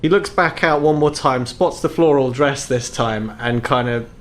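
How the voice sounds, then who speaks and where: A man narrating a tabletop game as game master, relaxed and descriptive. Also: mid-range voice, normal speed.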